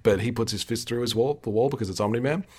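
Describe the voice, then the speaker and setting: A man's voice: mid-range voice, quick pace, husky. A man co-hosting a podcast, chatting casually and swearing freely as he reacts to a show. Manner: animated, swears freely, acts out quotes. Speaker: podcast co-host. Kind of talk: casual recap chat.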